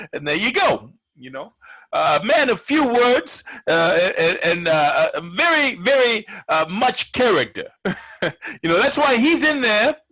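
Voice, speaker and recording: A man's voice: high-pitched, big pitch swings, a little slow, sharp tone, poor audio. A man hosting a comedic sports radio talk show, brash and profane, rambling with lots of filler words.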